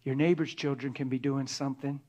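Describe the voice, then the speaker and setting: A middle-aged man preaching in a conversational sermon, often dropping to a hushed whisper for emphasis. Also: mid-range voice, little pitch movement, a little fast, lo-fi sound.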